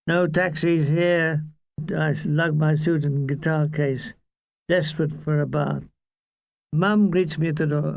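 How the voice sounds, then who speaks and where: Guy reading his own funny memoir, deadpan and cheeky, gravelly highish voice, dry close mic. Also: unhurried, no echo. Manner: deadpan, irreverent comic delivery. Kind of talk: audiobook memoir narration.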